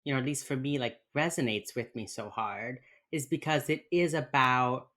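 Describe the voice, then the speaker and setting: Speaking at normal speed in a bass voice, this female podcast co-host laughs her way through a relaxed TV episode recap. She's animated and performs the characters' lines in their voices.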